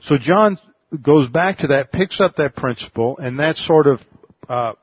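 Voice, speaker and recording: A man's voice: fairly high pitch, expressive, a little slow, breathy edge, no echo, highs cut off. A man giving an explanatory Bible-teaching sermon in a lecturing manner, often restarting his phrases.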